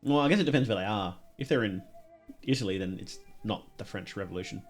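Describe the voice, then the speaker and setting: A man's voice: on the low side, animated, quick pace, soft background music. A man streaming a live reaction, thinking aloud with curious, enthusiastic comments and musing questions. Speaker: streamer reacting to a horror series.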